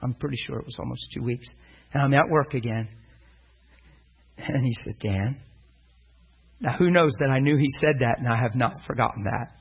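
Husky-voiced preacher telling an animated story. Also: male voice, mid-range voice, moderate pace, pauses often, poor audio. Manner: animated storyteller acting out dialogue. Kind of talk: sermon storytelling.

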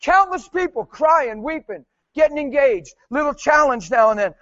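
A man preaching in a testimony style, telling animated stories and switching between soft talk and sudden shouts. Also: extremely high pitch, normal speed, few pauses, dry recording, dull audio. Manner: animated storytelling, laughing, mimicking voices and shouting.

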